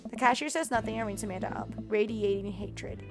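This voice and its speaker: A woman's voice: medium pitch, steady tone, brisk, over music. Giggly woman reading a game aloud. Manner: playful, giggly. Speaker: game streamer.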